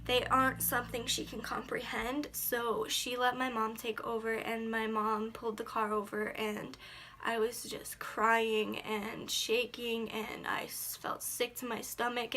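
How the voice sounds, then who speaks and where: A woman's voice: on the high side, flat delivery, a little slow, bright, forceful tone. A teenage girl telling a personal story on her vlog, earnest and emotional, with many fillers. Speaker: vlogger.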